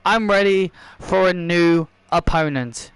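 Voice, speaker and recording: A man playing a determined female wrestler in a wrestling game, speaking slowly in a measured, lowered voice. The sound is clear and dry. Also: no echo, rough recording.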